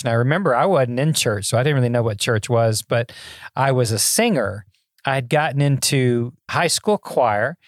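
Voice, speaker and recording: A man's voice: mid-range voice, no room sound. An older man in his sixties talks through his past as a podcast guest. He is folksy and self-deprecating and often stumbles over a repeated word. The sound is dry and close, with no room around it. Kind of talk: casual interview storytelling.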